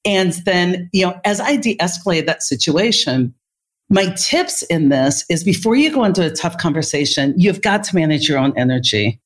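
Lively woman telling stories as a guest. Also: fairly low pitch, moderate pace. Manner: animated storyteller who acts out quoted dialogue. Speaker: interview guest, therapist and speaker. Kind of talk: storytelling in conversation.

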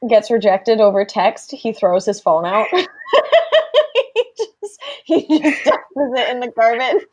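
A young woman with a Canadian accent chats on a podcast, lively and quick to laugh. Her fairly high voice swings widely in pitch as she talks. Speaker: podcast co-host. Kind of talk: casual chat.

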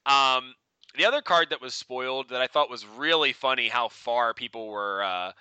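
A man's voice: mid-range voice, normal speed, sharp tone, smooth, no echo. A man co-hosting a casual podcast, rambling and laughing as he tells stories, with lots of fillers. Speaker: podcast co-host.

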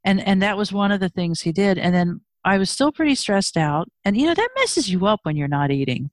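A woman's voice: mid-range voice, lively intonation, a little fast, hardly any pauses, no room sound. A woman guest telling a personal story in a frank, emotional way with wry humor. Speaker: interview guest.

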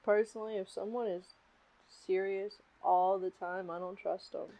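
A woman guest on a podcast, speaking in a thoughtful, halting way. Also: mid-range voice, fairly even intonation, mellow, poor audio. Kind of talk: casual podcast chat.

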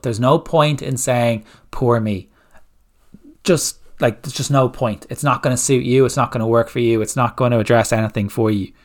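A man's voice: mid-range voice, fairly bright tone. A man hosting a solo coaching podcast, giving blunt, direct fat-loss advice and firing off rhetorical questions. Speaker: fitness coach, podcast host.

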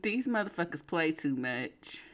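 A woman's voice: deep voice, big pitch swings, a little slow. A woman co-hosting a podcast in casual chat, joking and teasing, laughing often. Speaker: podcast co-host.

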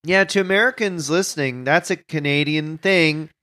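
A woman co-hosting a comedy podcast, curious and quick to react with surprised questions. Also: sits low, a bit bright. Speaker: co-host.

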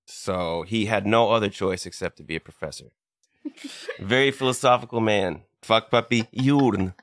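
Low-voiced guy guesting on a podcast, rambly and jokey, dry sound. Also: moderate pace, no echo. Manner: joking, rambling guesses with fillers. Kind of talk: casual chat.

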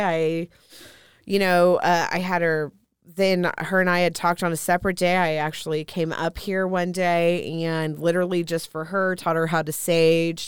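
A woman who works as a spiritual reader, appearing as a podcast guest, tells stories candidly in a casual chat and swears freely. Her voice is lowish, clear, and resonant, captured in clean studio sound without echo.

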